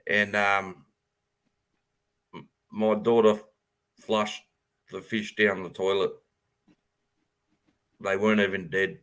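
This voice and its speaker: A man's voice: on the low side, fairly bright tone. A middle-aged man chatting casually, laughing often and swearing as he tells family stories. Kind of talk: casual chat.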